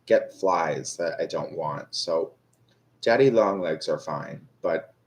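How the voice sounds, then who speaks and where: A man's voice: low-pitched, slow pace. A young man chatting casually with viewers on a live stream, rambling and self-deprecating, full of fillers and restarts. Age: young adult. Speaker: tarot reader on a live stream.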